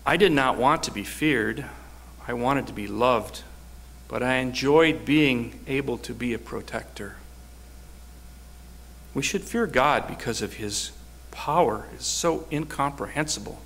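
A man's voice: mid-range voice, unhurried, creaky, a bit bright. A man preaching a sermon, telling a personal story with earnest, rising emphasis.

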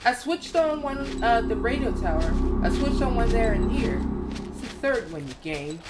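A man's voice: extremely high pitch, sing-song, moderate pace, over loud music. Jumpy man narrating a horror game. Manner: jumpy, nervous, talks to himself. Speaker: gaming channel host. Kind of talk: horror game let's play commentary. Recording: loud background noise.

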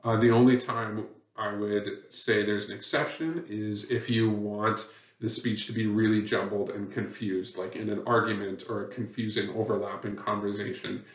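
A man's voice: lowish voice, steady tone, moderate pace. A man teaching a lesson on writing rules, patient and plain, with many fillers. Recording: dull, roomy sound from a distant mic.

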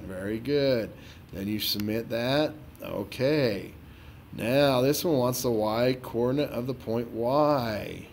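A man's voice: medium pitch, darkish tone, a little hiss or hum. Exasperated, sarcastic male math teacher. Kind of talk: dramatized tutoring walkthrough.

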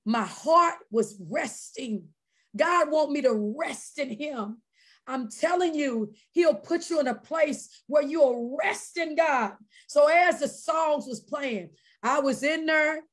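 Female church missionary, high voice, lively storyteller who acts out voices and erupts in praise. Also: slow. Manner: animated storytelling, acting out quoted voices; bursts into shouted praise. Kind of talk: personal testimony at a prayer service.

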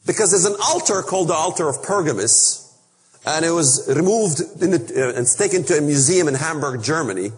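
Man, preaching a Bible lesson, emphatic rhetorical questions, high voice, echoing hall. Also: lively intonation, a little fast. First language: Arabic. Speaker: speaker on biblical prophecy. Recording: long reverb of a hall.

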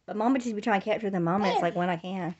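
A woman's voice: mid-range voice, very fast, a little mellow, dull audio. A young woman filming a casual family vlog at home, talking playfully to her toddler in coaxing baby talk and laughing often. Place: home, on the floor indoors.

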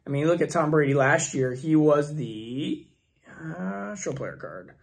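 A man hosting a fantasy football channel, his voice hoarse and failing, rambling through mock draft picks in casual commentary. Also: a little high, animated, measured pace. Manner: rambling, restarts often, thinks aloud.

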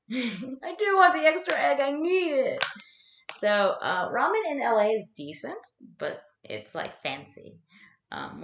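Lively, bright-voiced woman chatting casually. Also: lowish voice. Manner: chatty, swears casually, self-deprecating. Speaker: live streamer. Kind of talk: casual chat while folding laundry, answering viewers. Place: at home. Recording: roomy echo.

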